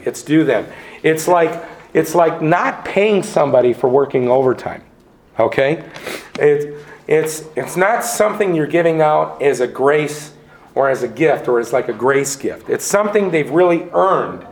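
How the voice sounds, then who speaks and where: In an echoey church hall, a middle-aged man preaches a sermon with earnest emphasis, circling back over his words to drive each point home. His voice is a little high for a man, gravelly, animated and a bit slow, with a slight hiss or hum on the recording.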